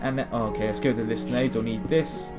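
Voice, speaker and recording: A man's voice: mid-range voice, steady tone, fairly quick, over music. A British man in his late teens, rambling and self-mocking through gameplay commentary. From Britain. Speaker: gaming video host.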